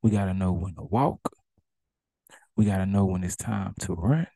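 Gravelly preaching man, dark tone. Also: low voice, normal speed, no room sound. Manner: preaches in casual dialect, acting out commands and swinging between loud and hushed. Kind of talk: sermon.

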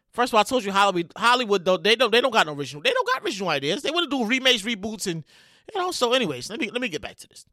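A podcast host ranting about the news in a loud, animated way, often laughing and shouting. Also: medium pitch, dry recording, clean studio sound. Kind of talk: casual commentary rant.

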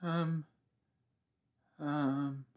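A man's voice: a little high, very slow. A man hosting a podcast, reacting casually and with lots of exclamations while watching a TV episode. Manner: exclaiming, chatty, loose and animated.

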